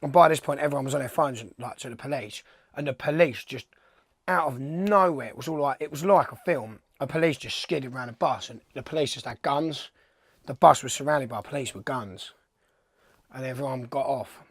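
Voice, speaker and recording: Young male skater, mid-pitched, dry close sound, rambling and foul-mouthed storyteller. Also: a little fast, slightly rough, dry recording. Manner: swears freely, rambling anecdotes. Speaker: professional skateboarder. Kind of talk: casual storytelling interview.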